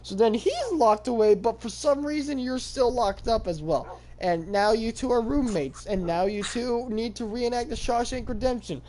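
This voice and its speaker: A young man streaming from home, rambling through a profane, absurd made-up story and jumping into high yelps when he does voices. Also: moderate pace, few pauses, darkish tone, a little hiss or hum, rough recording.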